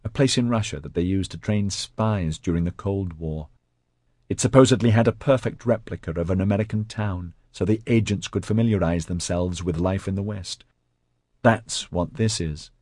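A man's voice: low-pitched, a little mellow, dry recording, studio quality. A man voicing a wary, practical mother. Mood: reflective.

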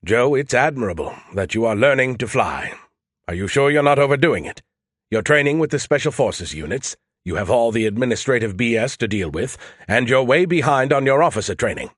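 A man's voice: mid-range voice, lively intonation, brisk, fairly bright tone, no echo, studio quality. A man voicing a snarky, self-important male artificial intelligence in an audiobook, talking in a teasing, flippant way. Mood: concerned. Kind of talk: audiobook character voice.

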